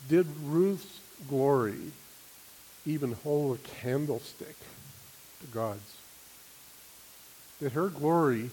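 Male preacher, middle-pitched, animated storyteller, slight hiss on the recording. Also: rough recording. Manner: animated storytelling, laughing, acting out quoted voices. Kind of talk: sermon with personal story.

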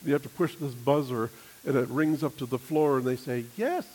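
A man preaching a sermon, telling a personal story with an animated manner and acting out other people's voices. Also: mid-range voice, a little fast, slightly rough, rough recording.

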